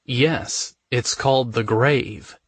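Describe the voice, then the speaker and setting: A man's voice: medium pitch, takes it slowly, slightly rough, no echo. A man voicing a frightened, stubborn young woman in a romance audiobook, in a raised, tense and pleading voice. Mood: wary.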